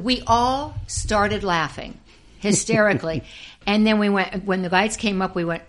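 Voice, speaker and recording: An older woman, a former actress and dancer, telling lively anecdotes as an interview guest and acting out the people she quotes. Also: mid-range voice, moderate pace. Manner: lively storyteller who acts out quoted voices and laughs often. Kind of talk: casual anecdotal storytelling.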